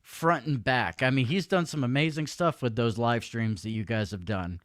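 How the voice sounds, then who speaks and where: A man hosting a casual live-stream interview, agreeable and quick to laugh. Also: mid-range voice, dry recording, studio quality. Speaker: interview host.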